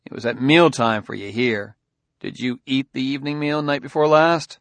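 Steady male detective, firm and dryly needling, middle pitch, from a male audiobook reader in a dead-dry booth. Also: normal speed, no room sound, close to an everyday voice. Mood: probing.

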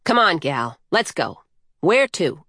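A woman voicing a coarse, offhand female coyote trickster in a storybook reading, in a low, slow, blunt voice. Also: sing-song, fairly bright tone, dry recording, clean studio sound, full character voice. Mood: gruff, offhand.

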